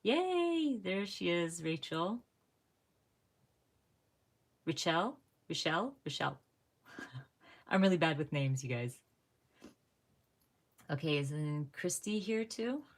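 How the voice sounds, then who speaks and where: A chatty woman hosts a live craft stream from home, talking to viewers as she works. Her voice sits low, but it jumps up when she gets excited, and she laughs often. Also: unhurried, pauses often. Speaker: craft channel host. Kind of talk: casual live-stream chat while crafting.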